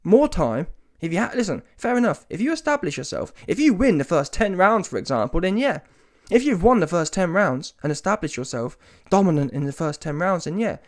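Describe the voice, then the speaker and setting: A man's voice: sits high, fairly quick, few pauses. A man giving a ranting reaction commentary on a boxing match, casual and slangy, emphatic and often mocking. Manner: animated, emphatic, rises to mocking shouts; casual street slang, swears.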